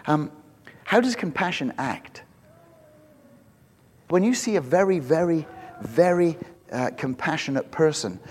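A man's voice: a little high, slightly rough, in a large hall. A middle-aged man preaching a sermon as pastor, conversational and self-mocking, with quips between points. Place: church.

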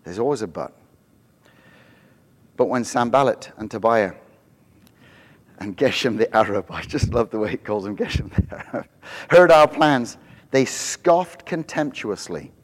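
A male pastor delivers an animated sermon, dropping into quiet asides and then climbing to loud, high-pitched, emphatic peaks. His voice sits at an ordinary middle pitch and rings out with a long hall reverb around it. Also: measured pace, pauses often.

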